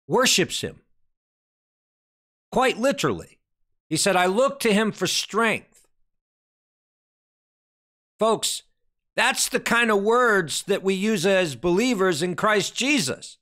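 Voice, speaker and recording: A man preaching a dramatic sermon, hammering questions at his listeners and then sinking to a low, grave tone. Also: very animated, slow, pauses often, bright, forceful tone. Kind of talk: impassioned sermon commentary.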